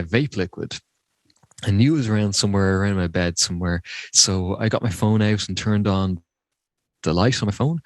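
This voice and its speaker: Easygoing low-voiced man from Ireland. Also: no echo. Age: 30s. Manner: relaxed, halting anecdote with fillers and laughs. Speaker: podcast co-host. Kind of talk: casual chat.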